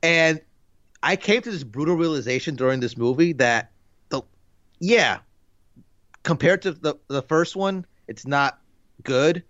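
A man's voice: a little high, lively intonation, measured pace, pauses often, fairly bright tone, no echo, highs cut off. A man in his thirties co-hosting a podcast, chatting casually in a rambling, laid-back way full of fillers. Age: 30s. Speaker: podcast co-host. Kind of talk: casual chat.

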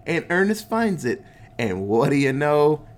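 A man's voice: fairly high pitch, sing-song, unhurried. A man casually recapping a movie, laid-back and swearing a lot, acting out the characters' lines in goofy voices. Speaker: podcast host recapping a movie.

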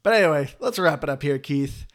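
A man's voice: on the high side, expressive, brisk. A man hosting a casual gaming podcast, chatty and upbeat, laughing easily. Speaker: podcast host. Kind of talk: casual chat.

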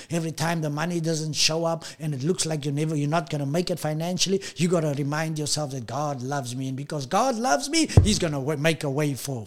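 A man preaching a sermon as pastor, emphatic and repetitive, slowing down to stress key lines. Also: on the high side.

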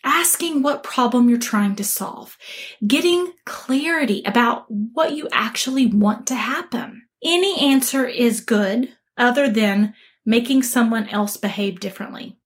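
A woman's voice: on the high side, a little slow. A woman coaching listeners in an earnest, emphatic talk, acting out the quoted voices of others. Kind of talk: motivational talk to camera.

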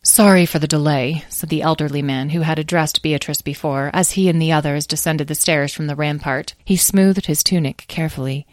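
A woman reads a storybook aloud in a measured, expressive way. Her voice sits low, and the recording is close and dry with no room sound. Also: no echo. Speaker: narrator. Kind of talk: audiobook narration.

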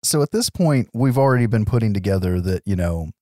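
This podcast host's voice is on the low side and mellow, with lively intonation and a brisk pace. Recapping a movie in casual comedic chat, he laughs a lot and does silly voices for the characters, and the studio-quality recording has no echo.

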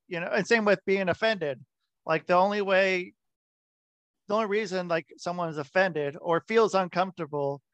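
High-voiced male podcast host, casual. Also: fairly bright tone, clean tone, no echo. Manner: brief backchannel replies, swearing and laughing. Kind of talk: casual interview chat.

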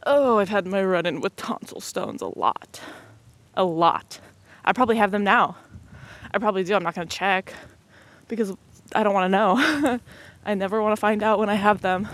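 A young woman hosting a solo podcast. She has a cold, is out of breath while walking outside, and rambles in a joking, self-deprecating way. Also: medium pitch. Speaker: podcast host. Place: outdoors on a windy street while walking. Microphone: headset mic on headphones. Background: passing cars and wind.

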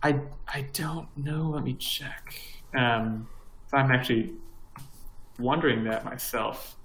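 A young man talks casually on a podcast, wandering through his points and restarting sentences. His pitch sits at an ordinary middle level and his delivery stays loose and conversational. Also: takes it slowly, a bit bright, slight background noise, rough recording. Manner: rambling, many fillers and restarts. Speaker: podcast co-host. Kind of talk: casual chat.

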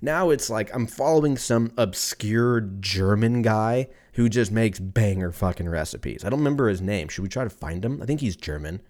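A man in his thirties runs a solo podcast, rambling casually, swearing freely and laughing at his own jokes. His voice is on the low side, expressive and a little mellow, moving at a moderate pace with hardly any pauses.

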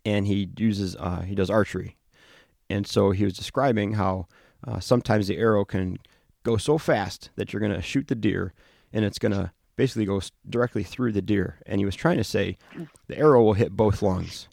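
Gravelly low-voiced male podcast host. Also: moderate pace, a little mellow, no room sound, studio quality. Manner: chatty storyteller with many fillers and restarts. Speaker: podcast host, firefighter and lieutenant. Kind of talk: casual podcast conversation.

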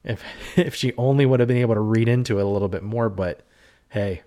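A man's voice: lowish voice, a little fast, warm tone. A man co-hosting a casual horror movie review podcast, talking in a heated, ranting way with swearing and lots of fillers. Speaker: podcast co-host.

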